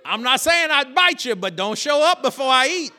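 Animated high-voiced male preacher. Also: normal speed, slight background noise. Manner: animated, laughing, shouting bursts. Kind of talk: lively sermon storytelling. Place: church sanctuary.

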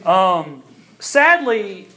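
A man's voice: high voice, very animated, drawn-out words, bright, forceful tone. A young man from the United States preaching a sermon in a conversational way, with frequent ums and restarts, building in intensity at key points. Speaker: pastor.

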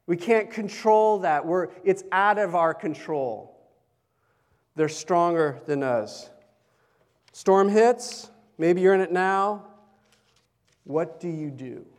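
A man's voice: high-pitched, takes it slowly, pauses often. A male pastor preaching a sermon in a conversational way, often putting questions to the congregation. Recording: long hall reverb.

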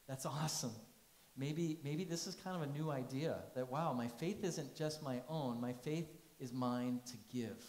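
A man's voice: mid-range voice, a little mellow, roomy sound, low-quality recording. A man giving a conversational sermon, telling stories and asking the congregation questions. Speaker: pastor.

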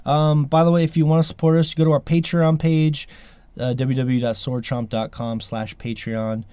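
A man's voice: medium pitch, level tone, normal speed, mellow, clean tone, no room sound. Dry-voiced exasperated male podcast host. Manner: emphatic, exasperated, sweary. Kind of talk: casual chat.

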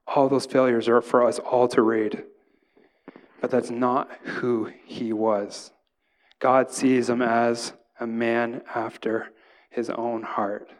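A male pastor, around his thirties, delivers a sermon in an easygoing, chatty way, with personal stories from home. His voice sits at an ordinary mid pitch, and he keeps checking in with the room as he goes. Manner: casual, conversational preaching with frequent "right?" asides.

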